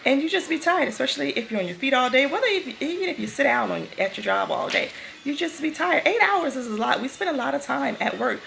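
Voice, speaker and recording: A woman's voice: high voice, expressive, quick pace, vocal fry, a bit bright, slight background noise, poor audio. A woman giving a casual spoken devotional, talking in a conversational way that repeats and restarts phrases. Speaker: vlogger giving a faith talk.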